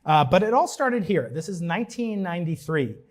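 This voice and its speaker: A man's voice: sits high, big pitch swings. Man giving a joking ceremonial speech. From New York, Long Island. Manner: joking asides, halting restarts. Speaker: commencement speaker. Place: large ceremony venue.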